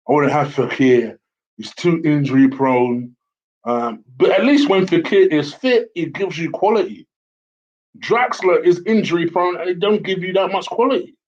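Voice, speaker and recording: A man talking casually to camera as a football fan vlogger, blunt and opinionated. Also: a little high. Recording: slightly dull lo-fi audio.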